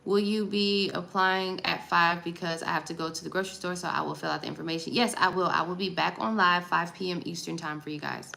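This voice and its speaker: A woman's voice: fairly low pitch, fairly even intonation, brisk, vocal fry, few pauses, bright, forceful tone, roomy sound, low-quality recording. A woman hosting a livestream, chatting casually with her viewers and reading text aloud. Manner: chatty, talks to chat, reads text aloud. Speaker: livestream host.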